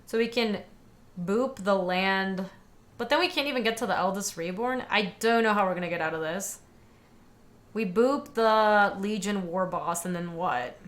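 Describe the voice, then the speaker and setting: A woman's voice: medium pitch, normal speed. A young woman giving casual commentary on a card game, chatting with viewers as she plays. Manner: chatty, talks to viewers and chat while playing. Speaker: streamer playing a card game.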